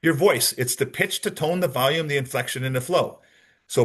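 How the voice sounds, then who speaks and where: Husky-voiced man giving a training lecture. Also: medium pitch, lively intonation, moderate pace, fairly bright tone. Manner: explanatory, repeats key points, acts out sample answers. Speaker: instructor on deception detection.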